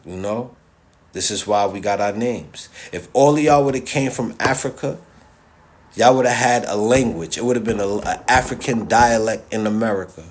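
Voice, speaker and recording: A man's voice: fairly low pitch, normal speed. A man delivering an impassioned casual monologue straight to his viewers. He is emphatic and repetitive, restarts his sentences often and keeps checking in with "all right?". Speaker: social media commentator.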